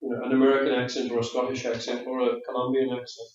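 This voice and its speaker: English examiner in a roomy classroom. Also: male voice, mid-range voice, flat delivery, fast talker, slight background noise. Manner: friendly, chatty, explanatory, repeats words. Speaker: IELTS speaking examiner giving feedback. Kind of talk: spoken feedback after mock test. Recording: roomy, distant, dull classroom audio.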